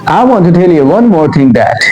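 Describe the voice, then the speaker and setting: A man's voice: on the high side, very animated, brisk, warm tone. Earnest man, echoey room. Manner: earnest, exhorting, with rhetorical questions. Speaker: English teacher. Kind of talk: motivational talk to learners. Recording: echoey room with faint background noise.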